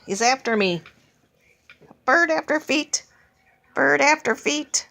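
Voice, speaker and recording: A woman's voice: medium pitch, sing-song, measured pace, bright, forceful tone. A woman filming at home, talking to her pet bird in a sing-song baby-talk voice and playfully scolding it.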